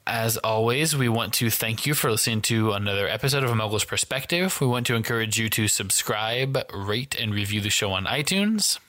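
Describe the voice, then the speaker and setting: Bright-voiced male podcast co-host. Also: on the low side, expressive, brisk, hardly any pauses. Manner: upbeat, wraps up the episode with thanks and plugs. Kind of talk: casual podcast chat.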